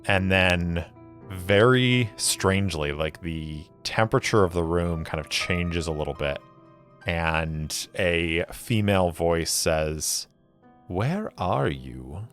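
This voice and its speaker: A man narrating a solo tabletop game in a relaxed way, with many fillers. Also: low-pitched, slow, smooth, faint music behind.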